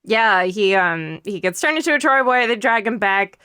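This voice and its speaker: A woman's voice: mid-range voice, animated, normal speed, pushed and bright, clear, resonant tone, no room sound, clean studio sound. A woman from Britain, co-hosting a podcast and recapping an episode in casual chat, laughing often and saying um a lot. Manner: giggly, lots of ums. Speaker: podcast co-host.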